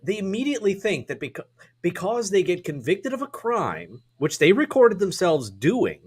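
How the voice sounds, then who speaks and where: A man on a casual talk show, speaking deliberately and emphatically. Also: slightly rough. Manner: deliberate, emphatic, lively pitch. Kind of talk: casual chat.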